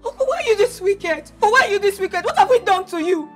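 An actress with a Nigerian accent playing a desperate young woman who pleads tearfully with her uncle and breaks into shouting. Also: very high-pitched, animated, quick pace, soft background music. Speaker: desperate daughter. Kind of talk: Nollywood film drama.

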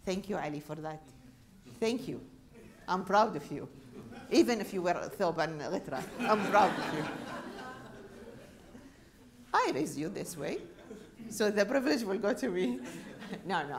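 A middle-aged woman with a Qatari Arabic accent giving a university lecture, with Arabic as her first language. She talks in a chatty, animated way and laughs often. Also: mid-range voice. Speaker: guest speaker. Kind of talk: public lecture.

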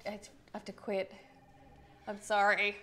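An actress playing a young mother who awkwardly tells her boss she is quitting, talking haltingly with fillers and apologies. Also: mid-range voice, lightly acted. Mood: apologetic.

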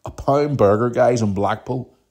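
A man's voice: medium pitch, moderate pace, darkish tone. A Northern Irish man hosting a podcast, chatting casually in a rambling, teasing way. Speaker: podcast host.

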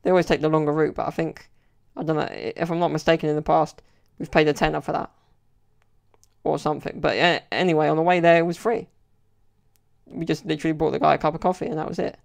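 On his casual solo podcast, a young male host rambles through stories with plenty of "like" and "you know." He talks fast in a flat, gravelly voice pitched a little high.

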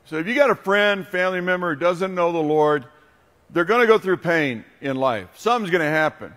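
A man preaching a sermon as pastor, telling a story with passion and building to loud, emphatic peaks. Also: high voice, animated, fairly quick. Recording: long hall reverb.

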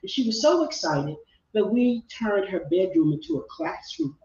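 A woman's voice: medium pitch, very animated, normal speed, darkish tone, distant mic. A middle-aged woman speaks earnestly over a video call, her voice set back from the mic in a roomy space. She repeats phrases for emphasis. The sound is dull and lo-fi. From Texas. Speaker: guest life coach. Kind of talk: heartfelt personal storytelling.

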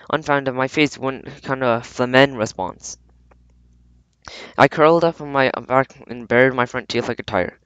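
A man reading a storybook aloud with halting restarts and frequent throat clearing. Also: mid-range voice, fairly bright tone, dry recording, dull audio. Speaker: audiobook reader. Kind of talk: amateur audiobook narration.

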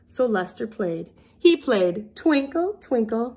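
A woman teacher reading a picture book aloud to young children in an expressive storybook manner. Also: fairly high pitch, takes it slowly.

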